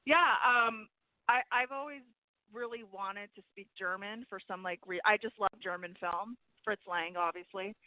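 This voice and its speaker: A woman co-hosting a political talk radio show, bubbly and quick to laugh. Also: mid-range voice, dry recording. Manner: bubbly, laughs often, many fillers. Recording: dry tinny phone line.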